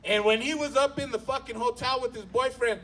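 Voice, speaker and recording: A man's voice: very high voice, steady tone, a little fast, fairly bright tone, rough recording. A man doing stand-up on a comedy club stage, telling a profane story and talking straight to the crowd. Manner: profane, punchy, talks to the crowd.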